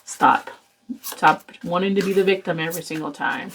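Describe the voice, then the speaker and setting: A woman's voice: mid-range voice, animated, a little fast, husky, rough recording. A woman giving a casual tarot reading to camera, blunt and exasperated, swearing and lecturing her viewers. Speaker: tarot reader.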